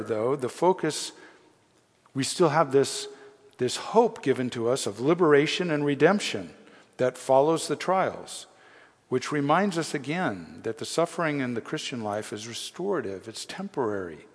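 A man's voice: medium pitch, big pitch swings, moderate pace, breathy edge. Earnest male preacher in a reverberant hall. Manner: earnest preaching with rising emphasis on key phrases. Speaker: pastor. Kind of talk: sermon.

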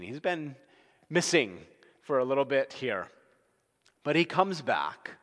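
A male pastor preaching an evening sermon, earnest and expressive, dropping from loud to hushed. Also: medium pitch. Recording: long reverb.

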